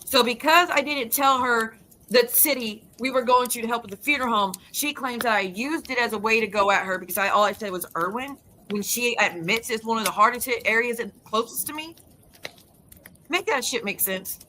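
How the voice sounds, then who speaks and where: Heated, sharp-voiced woman ranting. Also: a little high, fairly quick, a little hiss or hum, poor audio. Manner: heated, profane, blunt; emphatic, repeats denials. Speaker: YouTuber and live streamer. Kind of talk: casual vlog rant.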